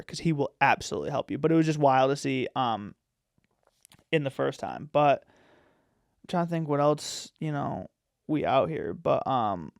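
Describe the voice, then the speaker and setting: A man hosts a podcast, chatting in a loose, rambling way and packing his strong opinions with fillers. His voice sits a little high and sounds smooth and clear. The recording is dry and close. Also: no room sound. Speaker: podcast host. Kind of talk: casual chat.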